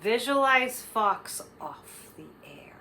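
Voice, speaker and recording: A woman's voice: a little high, big pitch swings, slow, pushed and bright, slight background noise. A woman hosting her own show, giving psychic readings in a rambling, casual monologue full of fillers and restarts. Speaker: psychic host.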